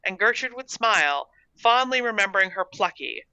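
An author reading their own short story aloud in a steady storytelling manner. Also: medium pitch, normal speed, smooth, no room sound, lo-fi sound. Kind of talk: storybook narration.

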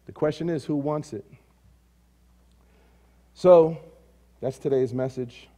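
A man preaching a sermon as pastor. He rises to loud, emphatic declarations, drops to quiet, low asides, and repeats phrases in rhythmic runs. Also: animated, slow, long pauses.

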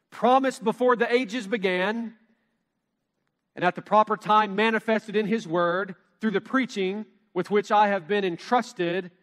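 A man with a notably high voice gives an expository Bible teaching, leaning hard on key phrases and slowing for emphasis. His voice rings out with a long reverb tail, as if in a large hall. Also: fairly bright tone. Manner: emphatic, measured preaching with slowed stressed phrases. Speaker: pastor teaching a Bible study.

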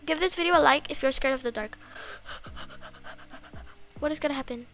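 A woman commenting on her own video game play, excitable and quick to gasp and shriek in fright. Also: sits high, soft background music. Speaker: gaming channel host. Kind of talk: Roblox gameplay commentary.

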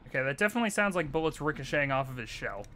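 A man giving chatty, excitable live commentary while streaming a video game, swearing casually. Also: a little high, racing, noisy background.

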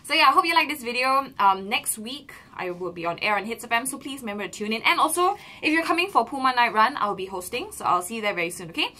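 A young woman with a Malaysian English accent, telling a story in a casual vlog from a small room, bubbly and animated. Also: a little high, fast talker, few pauses. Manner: bubbly, animated, lots of "lah" and "okay". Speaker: vlogger.

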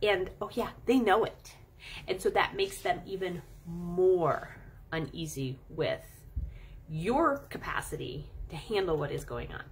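A woman talking casually to her audience about pets, animated and playful, stretching out words for emphasis. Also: fairly low pitch, unhurried, a little hiss or hum. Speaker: animal chiropractor and channel host. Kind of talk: casual coaching talk to camera.

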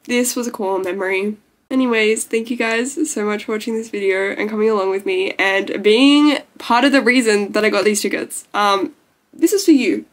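A woman's voice: mid-range voice, steady tone, moderate pace. A young woman vlogging to camera in a gushing, emotional way, peppered with "like", close to tears. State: tearful. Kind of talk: casual talking-to-camera vlog.

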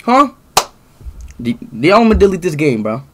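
A young man streaming live, ranting angrily at his chat with lots of swearing and sudden outbursts of shouting. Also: on the high side, sing-song, normal speed, a little hiss or hum. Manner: angry profane ranting, bursts into shouting.

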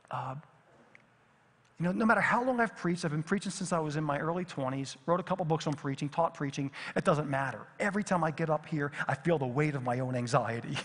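A middle-aged man preaching a sermon as pastor, swinging from lively emphasis to hushed, near-whispered repetitions. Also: fairly high pitch, husky. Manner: dynamic, drops to near whisper on repeated phrases. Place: church sanctuary. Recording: long reverb of a church hall.

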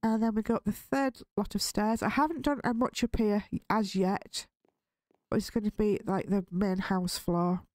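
A woman hosting a relaxed game let's play, chatting through her build and getting nervous and giggly in dark caves. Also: mid-range voice, normal speed, no echo, clean studio sound. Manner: chatty, easily spooked, nervous laughs. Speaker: gaming channel host.

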